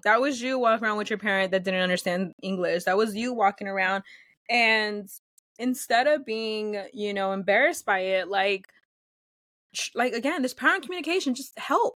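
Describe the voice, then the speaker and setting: A woman talking as a guest in a casual interview, animated and chatty, full of fillers and acting out what others say. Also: mid-range voice, normal speed, no echo, clean studio sound. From United States, first-generation Salvadorian. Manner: animated, chatty, many fillers, acts out quotes.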